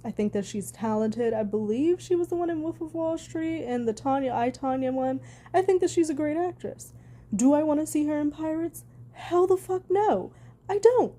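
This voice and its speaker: A woman's voice: fairly high pitch, mellow. Heated, foul-mouthed woman vlogger. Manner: heated, profane and emphatic; sarcastic asides. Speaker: commentary vlogger. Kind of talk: casual reaction commentary.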